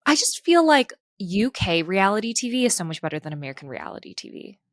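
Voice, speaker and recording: A woman's voice: medium pitch, quick pace, dry recording. Chatty woman podcast co-host, dry sound. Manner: animated storyteller, acts out quotes, swears. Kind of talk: casual chat.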